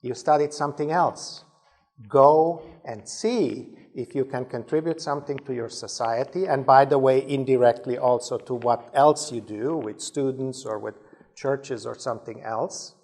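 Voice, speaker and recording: A man's voice: medium pitch, fairly even intonation, measured pace, a little mellow. A man from Germany giving a talk to ministry leaders, telling stories with frequent restarts. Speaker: speaker at a leadership training.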